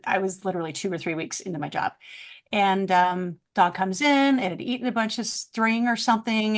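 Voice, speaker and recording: Woman vet guest, chatty and animated, acts out the voices in her stories. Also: mid-range voice. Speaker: veterinarian guest. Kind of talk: casual podcast storytelling.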